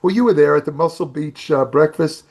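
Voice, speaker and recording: A man's voice: on the high side, brisk, darkish tone. An older man, a bodybuilding writer, telling rambling anecdotes on a podcast with many restarts. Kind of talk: casual storytelling on a podcast.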